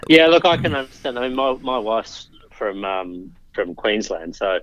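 A man, a politician guest, talking in a measured way with frequent restarts in a casual interview. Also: fairly low pitch, lively intonation, a bit bright, low-quality recording. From Australia.

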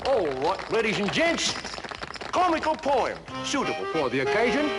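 A man's voice: high-pitched, heavily acted. A man playing a showman who reels off silly rhyming poems in a put-on Cockney accent.

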